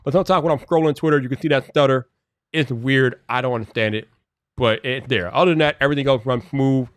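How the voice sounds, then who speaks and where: A man's voice: mid-range voice, fast talker, no room sound. A man with a mid-range voice hosts a live stream, chatting loosely with viewers about tech. He speaks in casual slang, trips over repeated words and restarts, and gets openly irritated when something breaks. The sound is dry and close, with no room around it. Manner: grows exasperated when the comments glitch. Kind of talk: casual live-stream chat reacting to comments.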